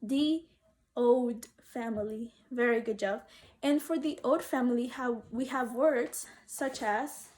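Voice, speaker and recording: A woman teaching a phonics lesson to young children, saying each word twice slowly and inviting them to repeat it. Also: a little high, a little mellow. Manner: slow, clearly sounded-out words with call-and-response prompts.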